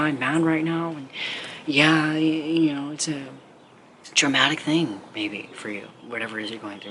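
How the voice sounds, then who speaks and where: A man talking straight to camera as a motivational speaker, earnest and rambling, with lots of 'like'. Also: on the high side. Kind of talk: casual direct-to-camera talk. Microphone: camera mic. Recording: clear steady background noise.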